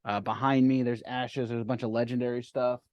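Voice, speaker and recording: Male podcast guest on a video call, relaxed and chatty, dry close sound. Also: mid-range voice, fairly quick, dry recording. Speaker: podcast guest, board gamer. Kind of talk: casual podcast chat.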